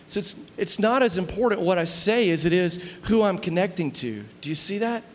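Animated and high-voiced, a middle-aged pastor preaches at a moderate pace in a big room with slight background noise. It's a conversational sermon, punctuated by frequent "do you see?" checks on whether people follow.

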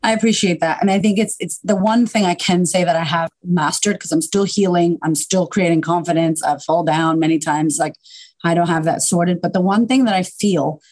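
A woman guest on a podcast, a confidence coach talking in an animated, emphatic way and swearing casually. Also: lowish voice, brisk. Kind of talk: casual interview chat.

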